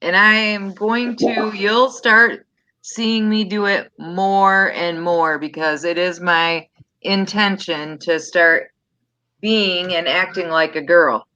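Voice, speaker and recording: A woman's voice: on the low side, fairly even intonation, slow pace, pushed and bright. A woman chatting on a video call, candid and plainspoken, joking about herself. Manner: candid, self-deprecating, plainspoken. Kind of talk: casual chat.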